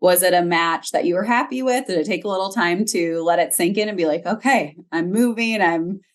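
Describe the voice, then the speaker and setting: A woman's voice: on the low side, fast. A woman, a genetic counselor, hosting an interview and asking thoughtful, encouraging questions.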